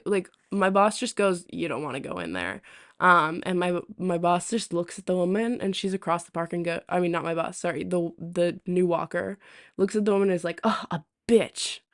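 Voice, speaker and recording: A woman's voice: on the low side, a little fast. A young woman streaming, telling a story to her chat in a casual, rambling way full of fillers and restarts. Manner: chatty, many fillers and restarts. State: hiccups.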